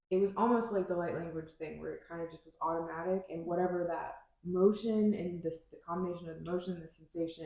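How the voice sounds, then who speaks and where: A woman's voice: on the low side, mellow. A woman podcast host in casual chat, rambling and searching for her words with many fillers. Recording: very echoey room.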